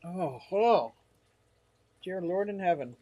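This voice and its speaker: A man's voice: high-pitched, animated, takes it slowly, noisy background. An older man live-streaming from his fish room, rambling casually and reading comments from the chat aloud.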